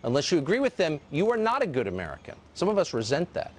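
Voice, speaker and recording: A man's voice: fairly high pitch, huge pitch swings, fast. A man hosting a TV news show, interviewing a guest and delivering commentary with probing questions and stumbling restarts. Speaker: TV news host.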